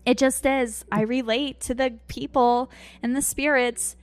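A woman's voice: high voice, steady tone, a little slow, dry recording, soft background music. A woman who hosts a podcast and works as a medium, telling a candid personal story in a casual way and laughing often.

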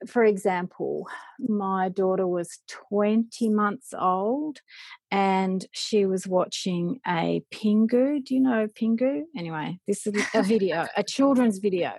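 Aussie mum chatting, gravelly voice, dry close sound, lots of ums and restarts. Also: female voice, fairly low pitch, darkish tone, no echo. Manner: halting, with many fillers and restarts. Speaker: parent guest. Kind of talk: casual chat.

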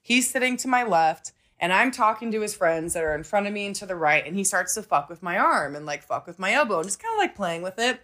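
A woman's voice: medium pitch, fast talker, hardly any pauses. A young adult woman hosting a podcast, telling a story in casual chat, swearing freely and acting out the voices of people she quotes. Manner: profane, animated, acts out quoted voices. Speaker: podcast host.

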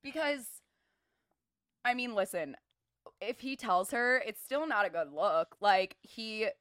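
A woman's voice: mid-range voice, animated, takes it slowly, fairly bright tone, no echo, clean studio sound. Chatty young woman podcast co-host. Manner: chatty, emphatic, casual slang. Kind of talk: casual recap chat.

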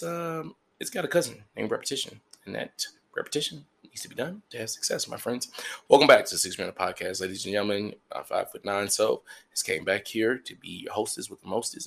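A man's voice: lowish voice, creaky, fairly bright tone, slightly rough. A man hosting a podcast, delivering a crude, joking monologue full of repeated phrases and playful asides. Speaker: podcast host.

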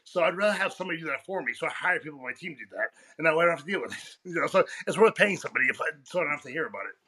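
A man guesting on a podcast, telling stories in a rapid, breathless rush. His voice is bright and forceful with a husky edge, and his pitch sits a little high. He swears freely and laughs often. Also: lively intonation. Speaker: podcast guest, powerlifting coach. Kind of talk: casual interview storytelling.

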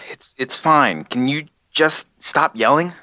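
A man's voice: on the high side, takes it slowly, pushed and bright, no room sound, clean studio sound. A man playing an exasperated apartment leasing office worker who sounds flustered and fed up.

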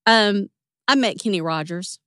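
A woman's voice: medium pitch, a little slow, clear, resonant tone, dry recording, clean studio sound. A woman guest in an interview, telling personal stories in a casual, chatty way. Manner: warm, chatty, animated when retelling.

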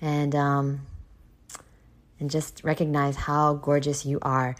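Chatty, foul-mouthed woman podcaster, lowish voice. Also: monotone, slow. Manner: chatty and confiding, swears freely, fillers like "like". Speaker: podcast host. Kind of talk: casual confessional chat.

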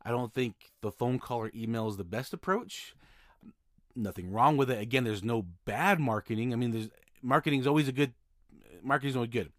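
A mobile notary from Utah hosts a solo podcast, chatting casually about his notary work and often repeating and restarting words. His mid-range voice is brisk and fairly bright, captured dry in studio quality.

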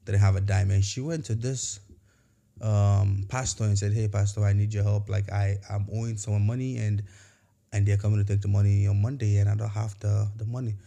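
Gravelly low-voiced man giving casual pep talk. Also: level tone, fairly quick, mellow. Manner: conversational, many fillers and restarts; acts out quoted voices in storytelling. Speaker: podcast host.

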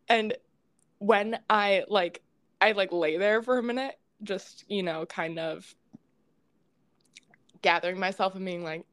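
A young woman co-hosting a podcast, telling a story in a casual, animated way with lots of laughter and fillers. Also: mid-range voice, takes it slowly, pauses often. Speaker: podcast co-host.

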